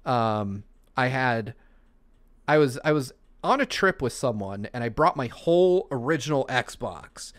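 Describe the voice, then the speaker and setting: Male podcast co-host, mid-pitched, animated casual storyteller. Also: a little slow. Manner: animated storyteller, laughs through his story. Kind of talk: casual chat.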